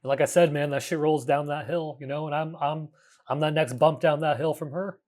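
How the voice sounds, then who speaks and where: A man in his thirties hosting a reflective solo podcast, talking earnestly in a halting way with frequent restarts and casual swearing. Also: fairly high pitch, fairly even intonation, darkish tone. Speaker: podcast host.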